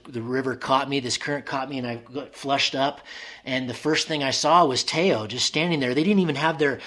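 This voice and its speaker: A man's voice: on the high side, fairly bright tone. A man as an interview guest, telling a story in casual speech with many restarts, acting out remembered inner dialogue.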